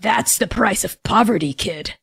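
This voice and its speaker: A woman voicing a bitter, gruff male gnoll, a one-eyed hyena-man ruined by poverty, with a growly voice. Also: mid-range voice, normal speed, fairly bright tone, dry recording, studio quality, exaggerated voice.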